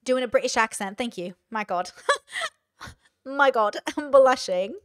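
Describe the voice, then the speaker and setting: A woman's voice: on the high side, animated, slow pace, fairly bright tone, no room sound, clean studio sound. A woman streaming live, chatting casually as she reacts to a video and reads out viewer comments.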